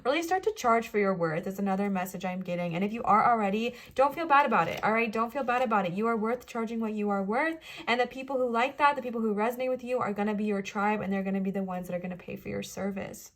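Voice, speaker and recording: A woman giving a pick-a-card tarot reading to camera, fast-talking, gushing and reassuring. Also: mid-range voice. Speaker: tarot reader.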